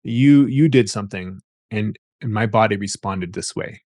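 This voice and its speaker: This is a man with a low, gravelly voice, explaining relationship ideas as an interview guest. He thinks aloud, repeating words as he finds his point. The sound is dry and close. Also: normal speed, a little mellow, no room sound. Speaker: therapist guest. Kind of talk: interview conversation.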